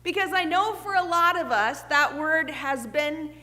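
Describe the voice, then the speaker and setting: A woman pastor preaching a sermon in a church. She speaks earnestly, asks rhetorical questions and at times drops to a hushed voice. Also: sits high, animated, unhurried. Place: church sanctuary. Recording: long reverb of a church hall.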